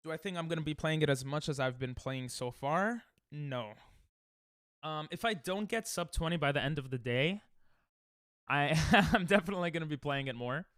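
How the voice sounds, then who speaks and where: A man's voice: fairly high pitch, moderate pace, a bit bright, no echo, clean studio sound. Young man streaming, casually rambling. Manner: rambling, self-deprecating, restarts often, chats with viewers. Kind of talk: casual livestream chat while speedrunning.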